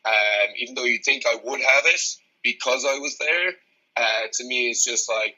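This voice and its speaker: Blunt young Irish coach, husky and bright. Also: male voice, mid-range voice, moderate pace, lo-fi sound. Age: 20s. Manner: blunt, frank, swears freely. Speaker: strength coach, guest. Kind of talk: casual podcast conversation.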